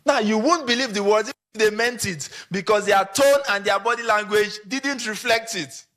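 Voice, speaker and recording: High, bright-voiced Nigerian man speaking. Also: moderate pace. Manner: animated, acts out short quoted examples. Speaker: conference speaker. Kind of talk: conference talk to photographers.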